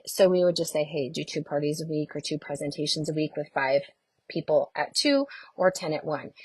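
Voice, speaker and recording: Middle-aged woman coach live-streaming, lowish voice, super chatty, dry close mic. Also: no echo. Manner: chatty and animated, greets viewers by name. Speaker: network marketing coach.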